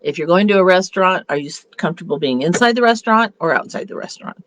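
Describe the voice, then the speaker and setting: A woman's voice: on the low side, lively intonation, very fast, fairly bright tone. A woman beauty consultant giving a casual motivational talk in a chatty, upbeat way, with rambling restarts. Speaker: beauty consultant leading a meeting.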